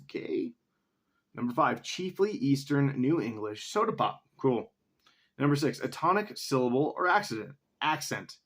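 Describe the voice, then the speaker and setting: A man's voice: mid-range voice, very animated, moderate pace, a bit bright. A man talking casually to himself in a solo vlog, rambling as he reads definitions aloud and swears now and then. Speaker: vlogger.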